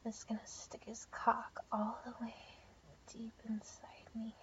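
A young woman in a whispered role-play, speaking in a soft, teasing whisper with breathy murmurs. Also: a little high, completely flat delivery, a little slow. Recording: dull lo-fi audio with faint background hiss.

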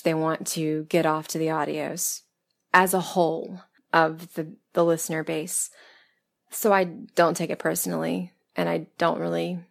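A woman from the American South, a little hoarse, chatting candidly about writing and performing audio scripts in a relaxed question-and-answer style. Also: deep voice. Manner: chatty and candid, laughing softly, self-deprecating. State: losing her voice. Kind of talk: casual interview-style Q&A monologue.

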